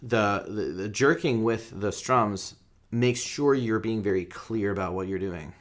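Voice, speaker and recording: A man's voice: lowish voice, a little slow. A man teaching a guitar rhythm lesson in a casual, joking way, counting beats aloud while he strums.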